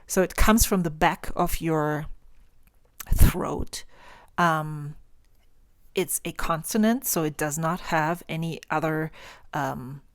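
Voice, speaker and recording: A woman in her forties with a German accent, explaining pronunciation in a casual vlog and sounding out words slowly. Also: lowish voice, no room sound, clean studio sound. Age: 40s. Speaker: stationery vlogger.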